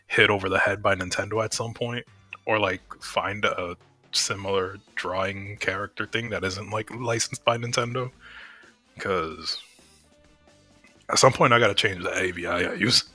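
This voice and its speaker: Streaming a game from his home desk mic, this young man chats and curses his way through rambling gameplay commentary, stumbling over fillers and restarts. His voice sits on the low side, pushed and bright, at a normal pace, with soft background music.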